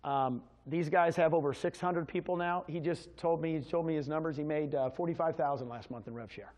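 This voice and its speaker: At a real estate agents' meeting, a man delivers an energetic, motivational sales pitch and fires questions at his audience. His voice is fairly high and he talks fairly quickly.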